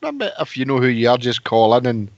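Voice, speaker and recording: A man's voice: mid-range voice, little pitch movement, quick pace, dry recording. A man calling in to a fan radio phone-in, chatty and jokey with lots of fillers. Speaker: caller. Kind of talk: casual phone-in chat. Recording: dull lo-fi phone audio, dry.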